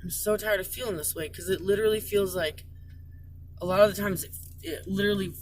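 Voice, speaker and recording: A woman's voice: mid-range voice, quick pace. A tearful, distraught woman venting about her life, pleading and cursing, her voice breaking into tears. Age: adult, parent. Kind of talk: emotional personal venting. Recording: distant mic, loud traffic noise.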